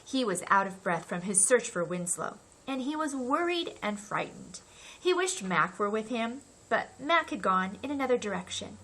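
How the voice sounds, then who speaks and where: A woman narrating a children's novel in an expressive storytelling voice. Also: on the high side, moderate pace. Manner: expressive, acts out the characters' cries. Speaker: audiobook narrator.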